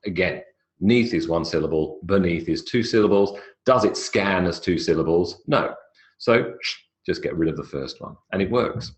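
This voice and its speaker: Speaking at a moderate pace in a low voice, a man gives a live online lecture on English pronunciation. He's chatty and explanatory, stretching words out for emphasis.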